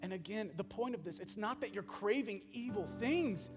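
A male pastor preaching a sermon, animated, swinging from loud bursts to hushed asides. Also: sits high, moderate pace. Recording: long hall reverb with music behind.

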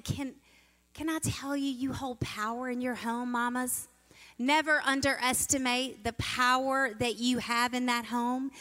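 A middle-aged woman giving a sermon as a guest speaker, telling stories in an animated way and acting out the quotes. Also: a little high. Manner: animated, storytelling, acts out quotes. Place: church sanctuary. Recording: reverberant church hall.

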